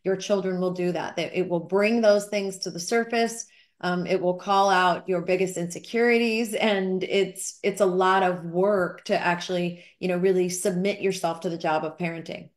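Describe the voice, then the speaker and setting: A woman's voice: on the low side, fairly even intonation, moderate pace. A middle-aged woman on a faith-based panel, giving earnest, emphatic advice in a conversational discussion.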